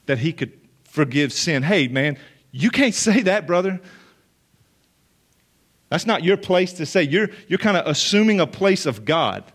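A man's voice: on the high side, lively intonation, a little slow, long pauses, a bit bright, slightly rough, voice pushed up, exaggerated voice. A preacher putting on a scoffing, indignant religious man. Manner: incredulous, scolding.

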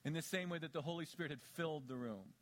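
Middle-aged man, pastor, sermon, fairly high voice, emphatic bursts, soft low asides. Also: quick pace. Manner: dramatic swings from soft low asides to loud emphatic peaks.

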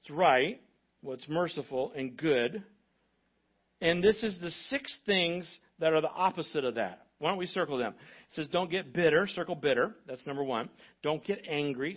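Brief: male pastor, husky higher voice, emphatic repetitive sermon, slightly dull lo-fi church recording. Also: animated, unhurried. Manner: emphatic, repetitive preaching with audience prompts.

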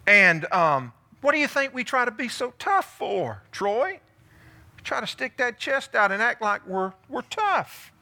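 A male pastor giving a lively sermon, asking the congregation questions and calling on people by name. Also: extremely high pitch, measured pace. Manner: animated, calls on listeners by name, asks the room questions.

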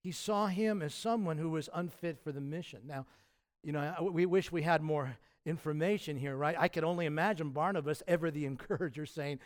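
A male pastor preaching with lively, emphatic bursts and casual asides. His voice sits a little high for a man, and he keeps a conversational tone between the peaks. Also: moderate pace. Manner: animated preaching with sudden loud emphatic peaks and acted quotes; conversational, with fillers and restarts. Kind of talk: sermon.

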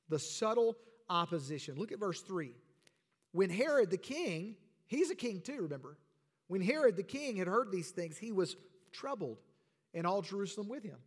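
A man preaching a sermon as pastor, emphatic, with sudden drops to quiet asides. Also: high voice. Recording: reverberant hall.

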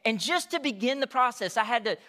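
A man's voice: very high-pitched, expressive, a little fast, bright, forceful tone, big-room sound. A man, preaching a sermon in a conversational, storytelling way. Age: 40s. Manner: conversational, storytelling with frequent check-ins. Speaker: pastor.

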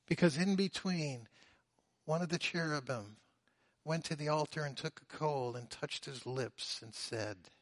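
A man preaching a sermon, swinging between loud, drawn-out emphasis and hushed, low phrases. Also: dry recording, clean studio sound. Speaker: pastor.

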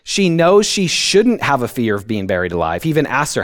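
Male pastor, mid-pitched voice, relaxed sermon delivery, dry close sound, punctuates points with "right?". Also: brisk, no room sound. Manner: conversational preaching, tags points with "right?"; acts out quotes with sudden high-pitched outbursts.

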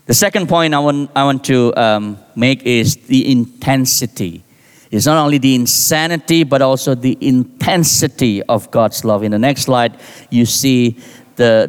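A man preaching a sermon as a pastor, deliberate, with rising emphasis on key words. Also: medium pitch, clean tone. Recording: long reverb of a large hall.

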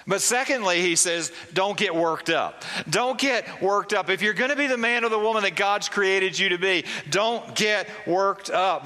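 A man's voice: sits high, pushed and bright. A man preaching a sermon as a pastor, conversational, often checking in with the congregation with rhetorical questions. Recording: long reverb of a large hall.

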